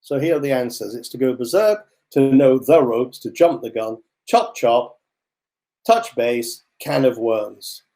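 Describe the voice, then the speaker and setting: An older man presenting a webinar for learners, telling stories with lively, animated asides over a computer microphone. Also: medium pitch, a little slow.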